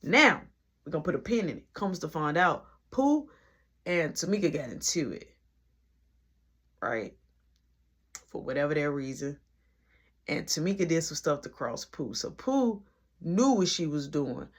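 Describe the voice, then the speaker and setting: A woman casually telling a story in slang, animated and full of quoted dialogue. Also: sits low, measured pace, long pauses, breathy edge. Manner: slangy, animated retelling with many quoted lines.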